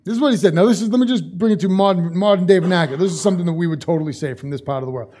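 A man's voice: high voice, rapid-fire, dark tone. A male pastor preaching a sermon in a casual, conversational way, repeating phrases for emphasis.

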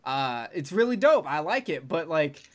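A man hosting a podcast, chatting casually in a profane, animated way. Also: fairly high pitch, normal speed. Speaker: podcast host.

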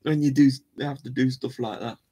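A man hosts a live stream in a loose, rambling chat and pokes fun at himself. His voice is husky and sits at an ordinary middle pitch. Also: fairly even intonation, moderate pace, mellow. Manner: rambling, chatty, self-mocking. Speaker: live show host.

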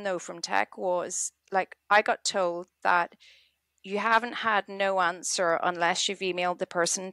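A woman, an author chatting in an interview, animated and quick to act out little quoted scenes. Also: mid-range voice, dry recording, clean studio sound. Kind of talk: casual interview chat.

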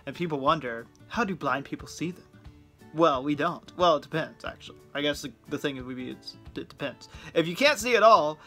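A young man talks casually to his viewers, joking and chatting as he explains things. His voice sits a little high and sounds bright and forward. Faint music plays underneath. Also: animated, brisk. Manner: joking, chatty, laughs at own jokes. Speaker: vlogger host. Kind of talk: casual talk to camera.

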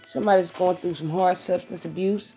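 A woman's voice: lowish voice, fairly quick, faint music behind. A woman venting to her viewers in a casual, blunt, profane way, then drifting into a tarot reading. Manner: animated, blunt and profane, talks straight to her audience. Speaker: vlogger doing a live tarot reading.

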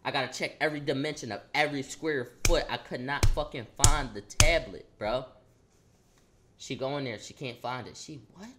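Man, storytime streamer, slangy, swearing, animated telling. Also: medium pitch, normal speed, background noise. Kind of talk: storytime vlog.

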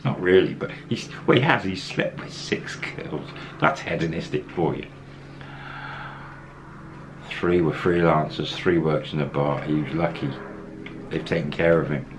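A man's voice: a bass voice, a little slow, noisy background. A man casually telling a travel story, acting out the quoted lines as he goes. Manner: anecdotal, acts out quoted lines, chuckles.

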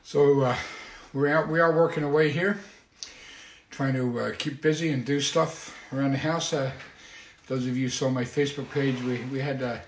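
A man hosting a casual livestream from his home, talking in a rambling, halting way with many fillers. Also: mid-range voice, fairly even intonation, echoey room. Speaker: musician hosting a weekly livestream.

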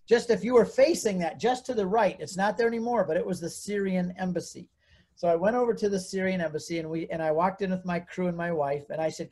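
Male guest, storyteller, acts out quoted voices, animated. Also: sits high.

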